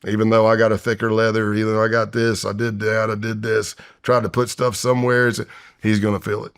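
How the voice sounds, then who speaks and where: Brisk and clean-toned, his low voice shows little pitch movement. As a podcast guest in a long-form interview, this retired FBI undercover agent in his fifties narrates a tense story, acting out how he once spoke and whispered.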